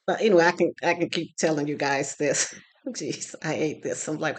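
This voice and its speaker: A woman's voice: deep voice, moderate pace. A woman who teaches parenting classes, telling a personal story to her phone camera in a casual, emotional way and acting out what people said. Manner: retells dialogue with quoted voices, emotional. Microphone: phone recording herself.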